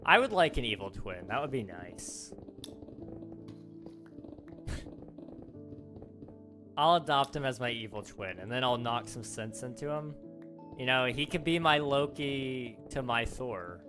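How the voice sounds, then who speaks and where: Slow-talking young man streaming live. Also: medium pitch, expressive. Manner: chatty, talks through pauses with fillers. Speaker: livestreamer. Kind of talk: casual live-stream chat with viewers. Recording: faint background music.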